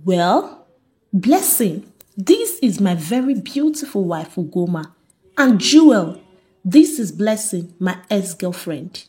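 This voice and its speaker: A woman's voice: medium pitch, sing-song, slow pace, a little mellow. A woman voicing a polite, cheerful young married man.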